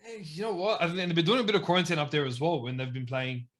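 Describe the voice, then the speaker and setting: A young man in his twenties with an Australian accent, co-hosting a casual chat with excitable, enthusiastic reactions. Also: a little high, fast talker. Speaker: podcast co-host.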